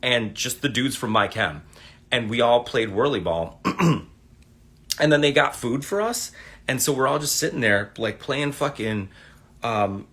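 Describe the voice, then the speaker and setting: A man with a bright, forceful voice tells a meandering story, swearing freely and circling back as he goes. He talks casually into his phone for a livestream. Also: medium pitch, expressive, unhurried. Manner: rambling, profane, laid-back. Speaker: livestream host.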